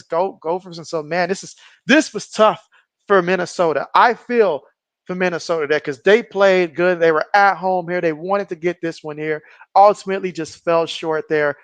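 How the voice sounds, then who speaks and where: Dude on a live sports stream, high voice, dry close mic, reads chat comments out loud, gets hyped on big plays. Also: male voice, dry recording. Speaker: live stream host doing play-by-play.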